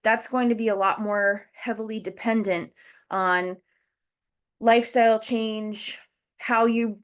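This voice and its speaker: A woman's voice: medium pitch, steady tone, unhurried. Breathless woman host on a video call, chatty and explanatory, speaking straight to her viewers. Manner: chatty, explains step by step, addresses the chat. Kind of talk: casual educational livestream talk.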